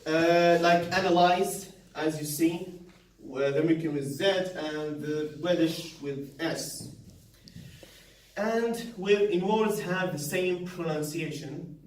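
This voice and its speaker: A man giving a university class presentation, halting, with many fillers, restarts and non-native grammar. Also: fairly high pitch, darkish tone, distant mic. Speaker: student presenter. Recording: very echoey room, voice from afar, faint noise.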